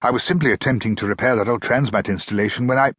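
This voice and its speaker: A man voicing a gentle, eccentric male time traveller who stays calm and polite. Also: mid-range voice, quick pace, husky, no echo, clean studio sound, pitched above the performer's own voice. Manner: calm, polite, mildly amused.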